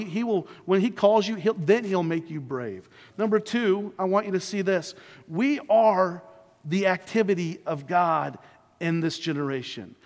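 Man, pastor, sermon, high voice, animated storytelling, echoing church hall. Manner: animated storytelling, voicing biblical figures. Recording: reverberant hall.

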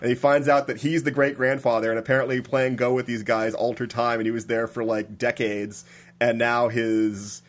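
A man's voice: medium pitch, normal speed. Guy rambling thru a movie plot on a podcast, lots of "like", laughs a lot. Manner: animated storyteller, many "like"s, laughing at absurdity. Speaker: podcast co-host recapping a film. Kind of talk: casual chat.

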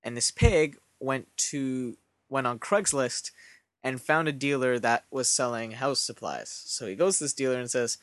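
A man hosting a podcast, telling a comic story in a deadpan way with rambling asides. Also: medium pitch, a little slow, no echo. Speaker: podcast host.

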